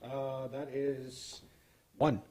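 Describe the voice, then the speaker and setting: A man's voice: medium pitch, flat delivery, drawn-out words, darkish tone, slight background noise. A man playing a tabletop role-playing game, speaking hesitantly with many ums as he works out his spells. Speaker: player.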